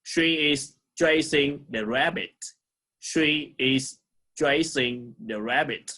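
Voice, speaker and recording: A man with a Vietnamese accent teaching an English lesson to young pupils, saying words slowly and repeating them for the class. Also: mid-range voice, bright, forceful tone. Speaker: primary school English teacher. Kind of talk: recorded online lesson.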